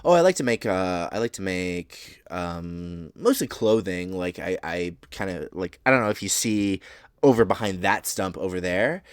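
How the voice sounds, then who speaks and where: A man's voice: deep voice, expressive, normal speed, smooth, no echo, studio quality. A man voicing a crude, flirty, laid-back male talking mushroom, rambling casually and swearing. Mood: casual, chatty.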